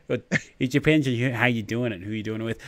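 A man's voice: mid-range voice, fast. A man with an Australian accent hosting a casual live chat, rambling through stories with many fillers and frequent laughs. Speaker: host of a live chat show.

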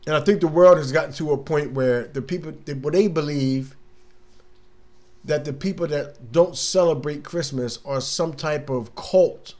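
A man's voice: fairly high pitch, moderate pace, a little mellow. A man hosting a casual radio talk monologue, laid-back and chatty, often laughing and acting out little scenes from his day. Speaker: radio show host.

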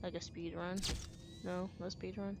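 A woman's voice: lowish voice, little pitch movement, a little slow, vocal fry. Annoyed lady gamer venting and cussing, background noise going. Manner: exasperated, swearing, slangy. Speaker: gaming channel host. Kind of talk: let's play commentary.

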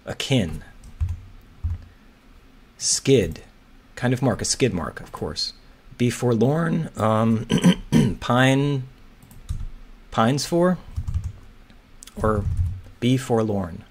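A man's voice: mid-range voice, lively intonation, drawn-out words, long pauses, husky. A man thinking aloud as he solves a crossword, hesitant and muttering, often turning his guesses into questions. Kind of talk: thinking aloud while solving.

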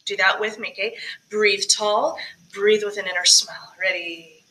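This choir director, recording solo for virtual rehearsal, talks through diction and breathing and sings short phrases as examples between spoken pointers. Her mid-range voice is steady, bright and forceful at normal speed, captured in poor audio.

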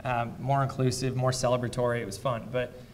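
A man who invests in startups, speaking as a fireside chat guest before a live audience, blunt and profane as he tells lively anecdotes. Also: medium pitch, brisk, big-room sound, slight background noise. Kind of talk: candid onstage storytelling.

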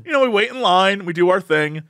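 A young man with a high, lively voice tells a story on a podcast and bounces between the voices of the people in it. His tone is bright and forceful. The sound is dry and close. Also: brisk, no echo. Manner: animated storyteller acting out family members' voices. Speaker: podcast co-host. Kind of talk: casual storytelling chat.

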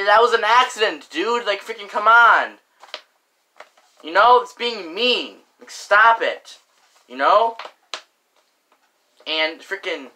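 A man's voice: sits high, pushed and bright, rough recording. A young man ranting to camera in a casual, indignant monologue, full of fillers and mild swearing. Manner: indignant, repeats "frickin'" and "like" often, lots of filler. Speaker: vlogger.

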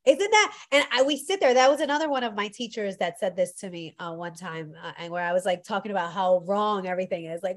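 A woman's voice: mid-range voice, quick pace, hardly any pauses. A woman who leads spiritual retreats, talking in a casual chat and animatedly acting out the people in her stories. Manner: animated storyteller who acts out quotes. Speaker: retreat leader and spiritual guide.

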